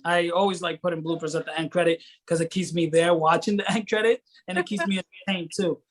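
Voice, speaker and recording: Fast and steady, this man's voice runs on the high side. A guest actor and filmmaker from Rhode Island, USA, he speaks with enthusiasm in a casual interview, rambling as he gropes for words.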